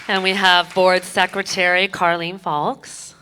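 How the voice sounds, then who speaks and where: A woman's voice: lowish voice, level tone, unhurried, a crowd in the background, noisy background. A woman serving as board president, graciously introducing the new board one by one on a handheld microphone. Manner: gracious, names people one by one.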